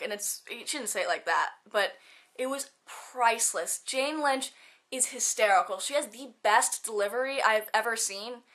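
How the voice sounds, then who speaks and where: Teen girl vlogger, bright and forceful tone, a touch high, giggly chatter. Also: moderate pace. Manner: bubbly, giggly, lots of fillers and quoted asides. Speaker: student vlogger. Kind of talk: casual chatty vlog.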